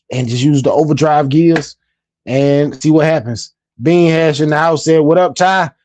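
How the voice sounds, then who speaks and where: A man's voice: a little high, darkish tone, dry recording. A man hosting a casual hobby live stream, chatting in a laid-back, talkative way and often repeating his phrases. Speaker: livestream host.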